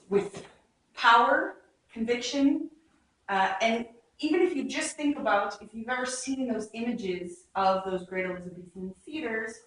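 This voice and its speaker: A woman's voice: fairly high pitch, a bit bright, slight background noise. A woman teaching an acting workshop, explaining Shakespeare's verse in a chatty way and acting out lines as examples. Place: rehearsal room. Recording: echoey room, far from the mic.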